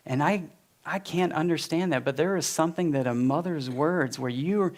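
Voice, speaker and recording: A man in his forties with a slightly high voice talks at a normal speed. He is telling his story as a personal testimony at a church gathering, heartfelt and conversational, with lots of filler words.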